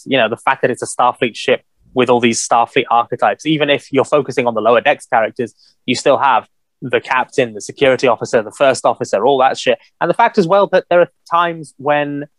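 A man co-hosting a casual podcast chat, animated and swearing freely with lots of "you know". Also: medium pitch, no echo. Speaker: podcast co-host.

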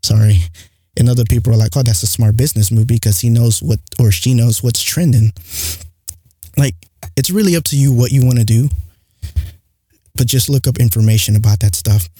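Candid young man with a dark voice. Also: medium pitch, fairly quick, long pauses, no room sound. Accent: non-standard English accent. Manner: rambling and candid, heavy use of "like". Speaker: podcast host. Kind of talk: casual monologue podcast. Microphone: studio mic close up.

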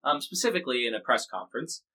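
A man's voice: medium pitch, expressive, quick pace, bright, forceful tone, low-quality recording. An American man co-hosting a casual news podcast, explaining stories in a chatty, jokey, rambling way. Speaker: podcast co-host.

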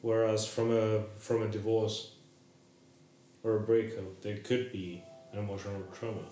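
A man's voice: fairly low pitch, level tone, moderate pace, mellow. Hesitant man, echoey room. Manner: hesitant, restarts, thoughtful. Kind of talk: casual chat. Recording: echoey room with music behind.

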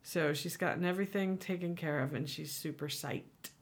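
A woman's voice: low-pitched, normal speed. A woman co-hosting a podcast, telling stories and acting out the people she quotes. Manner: animated storyteller, acts out quoted people. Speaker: podcast co-host. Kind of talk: casual chat.

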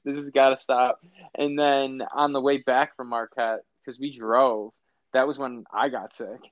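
A man's voice: medium pitch, fairly even intonation, measured pace, no echo, lo-fi sound. A young man hosting a casual chat, telling rambling stories with slang and frequent laughs. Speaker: podcast host.

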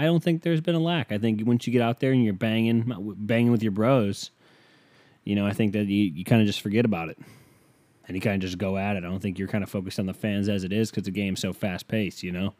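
With a lowish, slightly mellow voice and no room sound, this podcast host talks into a headset mic. He's a young Ohio man doing a solo show, rambling profanely and making fun of himself.

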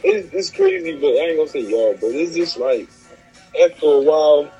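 A man's voice: on the high side, huge pitch swings, normal speed, vocal fry, warm tone, slightly rough, faint music behind. A man in casual chat, giving short, laid-back replies. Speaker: conversation partner. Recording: dull lo-fi recording.

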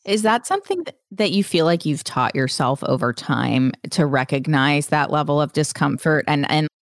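A woman with a lowish voice talks candidly in a relaxed podcast chat, laughing often and swearing without a second thought. Her voice sits close and dry on the mic, with no room sound around it. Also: moderate pace, no room sound. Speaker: podcast host. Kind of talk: casual chat.

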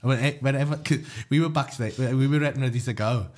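A man chatting as a podcast guest, telling lively anecdotes and swearing casually. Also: mid-range voice, fast. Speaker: comedian and fighter, guest. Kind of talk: casual chat.

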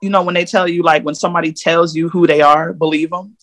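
A woman's voice: lowish voice, fairly even intonation, fast, no room sound. A woman guest in a casual interview, telling her own story in a candid, emphatic way. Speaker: podcast guest.

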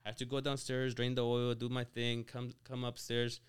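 A man's voice: medium pitch, monotone, normal speed, clear, resonant tone. A man in his twenties from Mexico, a podcast guest telling his story in a casual chat, full of "like" and "you know" and restarted words. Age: 20s. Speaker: podcast guest, auto shop owner.

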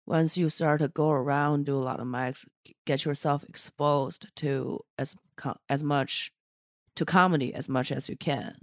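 A woman comedian chatting casually on a podcast, blunt and animated, with somewhat non-standard phrasing. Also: low-pitched, moderate pace, no echo, clean studio sound. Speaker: comedian guest. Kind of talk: casual chat.

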